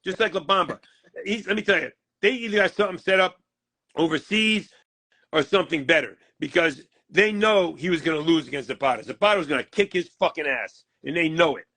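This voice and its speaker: A man's voice: a little high, lively intonation, fairly quick, bright, forceful tone, no room sound. Blunt, profane man in a heated interview. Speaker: boxing manager.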